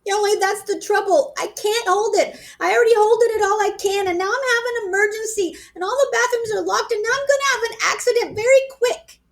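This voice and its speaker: A woman voicing an excitable, bossy little schoolgirl with a shrill, whiny voice. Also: brisk, heavily acted. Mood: eager.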